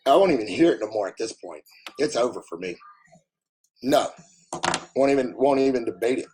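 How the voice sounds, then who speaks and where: A man from the United States ranting bluntly at his live chat, his voice hoarse and damaged after covid, talking loudly so he can be heard and swearing freely. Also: medium pitch, lively intonation, fairly quick, noisy background. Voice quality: husky, strained. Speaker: livestreamer answering chat. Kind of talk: casual live-stream rant.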